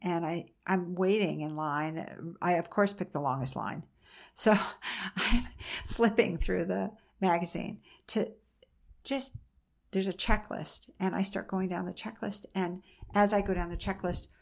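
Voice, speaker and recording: A woman's voice: lowish voice, a little slow, gravelly. A middle-aged woman, a mother being interviewed, frankly recounting a personal story in a conversational way. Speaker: interview guest, mother of an autistic son.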